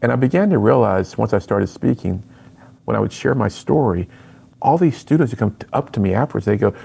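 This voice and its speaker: Gravelly, husky middle-aged man. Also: fairly low pitch, lively intonation, fairly quick, dark tone. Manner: earnest, emphatic storytelling. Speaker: speaker and author. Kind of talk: personal testimony in an interview.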